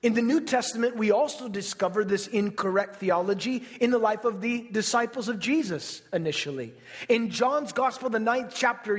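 A man's voice: high voice, long reverb tail. A man preaching a sermon, earnest and emphatic, piling up repeated phrases to drive his points home. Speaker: pastor.

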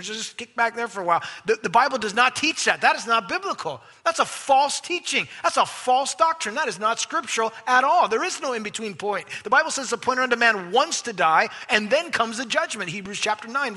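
A man preaching a sermon as pastor, emphatic, swinging from loud stresses to hushed asides. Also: sits high. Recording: long hall reverb.

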